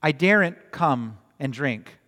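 A man's voice: a little high, animated, slow pace, sharp tone, exaggerated voice. A man voicing a frightened, thirsty young girl who speaks timidly and hesitantly, in a long-reverb hall.

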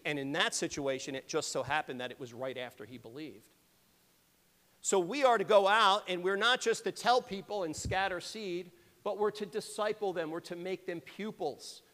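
A man preaching a sermon, earnest and emphatic, asking the congregation rhetorical questions and often clearing his throat. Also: high-pitched, a bit bright. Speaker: pastor. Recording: long reverb of a large hall.

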